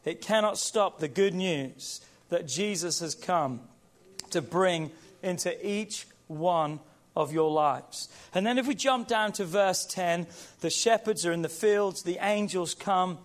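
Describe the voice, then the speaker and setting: High-voiced emphatic male pastor preaching. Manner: emphatic, repetitive call-and-response preaching; slows and stretches key phrases. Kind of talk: sermon.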